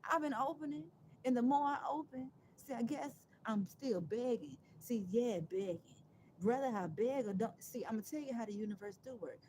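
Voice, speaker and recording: A woman's voice: a little high, normal speed, slight background noise, low-quality recording. Emphatic, sarcastic woman livestreaming. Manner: emphatic and sarcastic, swings between loud outbursts and quiet asides; rambling, repeats and restarts phrases. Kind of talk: casual live-stream monologue.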